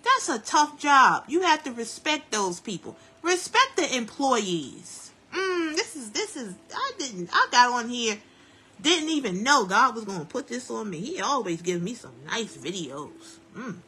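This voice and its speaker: A woman hosting a live stream from home while doing hair, giving chatty, preachy life advice in a lively, down-to-earth way. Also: on the high side, a little slow, slightly rough. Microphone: phone live stream.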